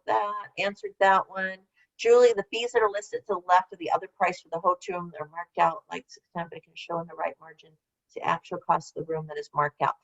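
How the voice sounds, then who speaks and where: A chatty older woman with a lowish, fairly bright voice presents a casual online workshop as a webinar host. She rambles and responds to typed questions, heard through slightly dull, lo-fi call audio.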